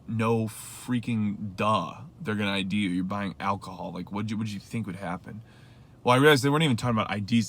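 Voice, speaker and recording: A young man with a bright, forceful voice recounts a story in a loose, rambling way. He piles on fillers and acts out quoted asides as he talks to his viewers. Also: on the low side. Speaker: rideshare driver vlogger. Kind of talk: casual storytelling to camera.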